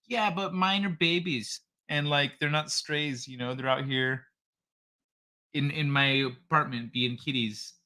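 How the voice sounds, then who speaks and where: A man's voice: medium pitch, a little slow, pushed and bright. A man hosting a casual livestream, reading chat aloud in a loose, profane way and laughing often. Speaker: livestream host.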